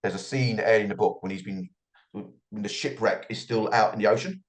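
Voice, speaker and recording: A middle-aged man speaks as an author guest in an interview, reflective and often repeating words as he begins a thought. His voice is lowish and brisk.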